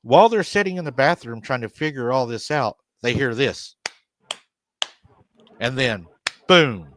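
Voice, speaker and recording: A man's voice: medium pitch, expressive, a little fast. A man hosting a live paranormal stream, retelling a family's story and quoting the people in it. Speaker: paranormal show host.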